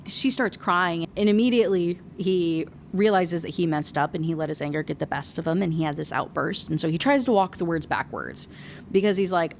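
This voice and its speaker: A woman's voice: fairly low pitch, animated, fairly quick, gravelly, a little hiss or hum. A young adult woman reviewing a book in a casual rant, sarcastic, exasperated and profane.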